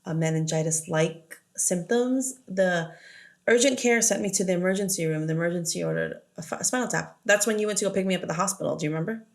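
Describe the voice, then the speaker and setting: A woman's voice: fairly low pitch, fast talker. A middle-aged woman co-hosting a podcast, retelling a film in casual chat, joking and laughing often. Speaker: podcast co-host.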